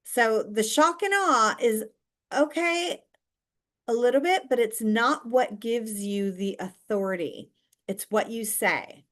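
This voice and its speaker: A woman's voice: mid-range voice, fairly bright tone. Woman coach chatting to camera, takes her time, emphatic and direct. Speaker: online business coach.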